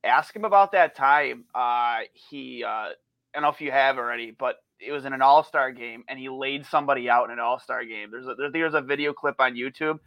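A man's voice: mid-range voice, a little fast, dry recording, dull audio. A man chatting as a podcast guest, telling rambling stories with restarts, swearing and laughter. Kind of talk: casual chat.

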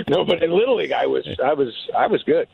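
Middle-aged man, animated and husky. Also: on the high side, fast talker, dull audio. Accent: New England. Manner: animated storyteller, does voices of his parents. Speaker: guest. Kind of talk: casual chat.

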